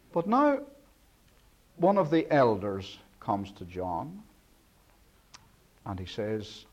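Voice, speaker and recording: A man preaching a sermon, rising to emphatic peaks and then dropping to hushed, low endings. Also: very animated, slow pace, pauses often. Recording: dull lo-fi sermon recording.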